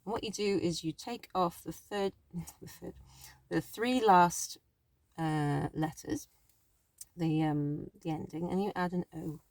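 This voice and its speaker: Woman teacher, lowish voice, chatty and a bit rambling, dry room. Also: takes it slowly, darkish tone, dry recording. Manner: chatty, self-correcting, thinks aloud. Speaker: language teacher. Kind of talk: casual spoken lesson.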